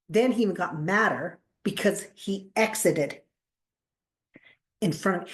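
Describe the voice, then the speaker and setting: Woman telling lively anecdotes. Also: on the low side, normal speed. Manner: animated storyteller, acts out quotes, laughs often. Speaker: podcast co-host, counselor. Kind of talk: casual chat, storytelling.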